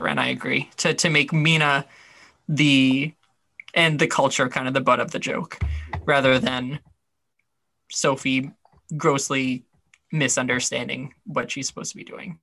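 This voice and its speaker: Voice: medium pitch, fairly even intonation, normal speed, pushed and bright, no echo. A podcast co-host chatting casually about a TV episode, rambling with lots of fillers and wry asides.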